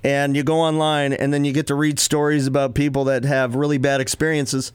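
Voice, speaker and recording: A man's voice: a little high, flat delivery, fairly quick, clean tone, dry recording. A man hosting a podcast in a casual chat, rambling with fillers and laughing often. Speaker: podcast host.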